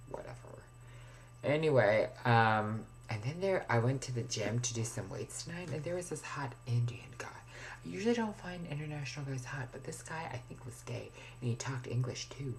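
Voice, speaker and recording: A man's voice: on the low side, slight background noise. A young man talking casually to camera in a rambling video diary, now and then dropping to a near whisper. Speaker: vlogger.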